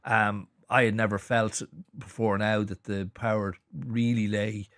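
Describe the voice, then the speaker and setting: A man with an Irish accent discussing news as a radio panelist, speaking haltingly with frequent restarts and fillers. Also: on the low side, little pitch movement, fairly bright tone, no echo, studio quality. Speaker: journalist panelist. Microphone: studio microphone.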